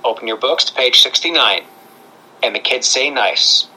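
A man with a strikingly bright, sharp voice co-hosts a casual podcast. He throws in quick joking asides while chatting at a middling pitch. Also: breathy edge, poor audio. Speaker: podcast co-host.

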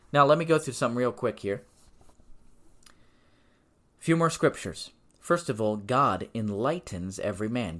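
A male podcast host preaching on the Bible with a mid-range voice. He pushes points hard, then drops low and quiet to drive them home. He throws in casual asides like "okay?" and "all right?" between slower, measured scripture readings. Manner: emphatic, swinging between loud insistence and low quiet stress; conversational asides and tag questions.

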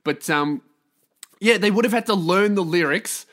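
A man hosts a solo podcast, ranting with plenty of swearing and sarcasm. His voice sits a little high for a man, and he keeps the tone informal. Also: normal speed, fairly bright tone. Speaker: podcast host.

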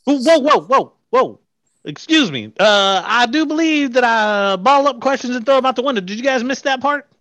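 Improv: male actor as a tyrannical boss, high and sharp, bullying and sarcastic. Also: lively intonation, moderate pace, no room sound. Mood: bossy. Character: bossy tyrannical male hardware-store boss. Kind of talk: improv comedy scene.

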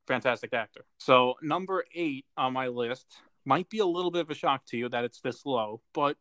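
A man's voice: mid-range voice, normal speed, sharp tone, dry recording. A man co-hosting a casual movie chat, talking with enthusiasm and plenty of fillers. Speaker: podcast co-host.

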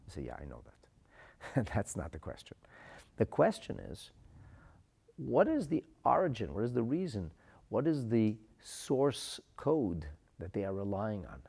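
A man teaching a Talmud lesson, asking rhetorical questions, reading Aramaic phrases and translating them, moving from quiet asides to loud emphasis. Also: on the low side, big pitch swings, a little slow, vocal fry, breathy edge.

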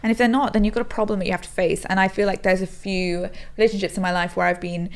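A woman's voice: mid-range voice, fairly even intonation, quick pace. A woman co-hosting a casual podcast chat, candid and storytelling, with the odd swear. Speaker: podcast co-host.

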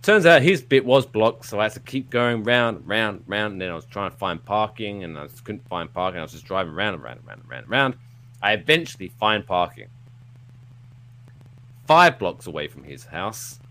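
A man hosting a live podcast, telling a rambling story in a playful, animated way, throwing in silly sound effects. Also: on the low side, normal speed. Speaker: podcast host. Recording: live show with audience.

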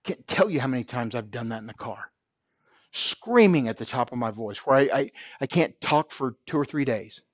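A man's voice: medium pitch, animated, moderate pace, no room sound, highs cut off. A man hosting a podcast, delivering an earnest motivational monologue and repeating phrases for emphasis. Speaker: podcast host.

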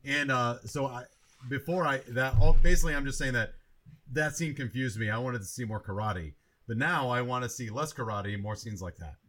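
A man co-hosting a podcast, thinking out loud about a film with many restarts and asides. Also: medium pitch, brisk. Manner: reflective, rambling with many restarts. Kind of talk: casual movie review chat.

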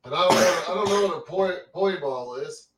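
A man's voice: high voice, fairly quick, background noise. A man co-hosting a live podcast, dropping in dry, teasing remarks. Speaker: podcast co-host.

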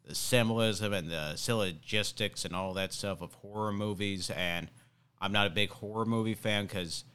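Young man, podcast host, smooth clear voice, loose rambling delivery. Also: fairly low pitch, moderate pace, pushed and bright. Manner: rambling, hesitant with many fillers. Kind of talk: casual chat.

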